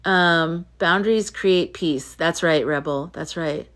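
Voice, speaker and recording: A woman's voice: on the low side, takes it slowly, fairly bright tone. Tired woman chatting on a livestream. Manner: chatty, reads viewer comments aloud and reacts. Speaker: livestream host reading chat comments. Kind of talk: casual live-stream chat.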